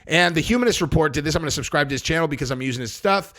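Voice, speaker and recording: A man gives casual, animated reaction commentary on video clips, talking fast and excitedly jumping in. When he gets worked up, his voice jumps high.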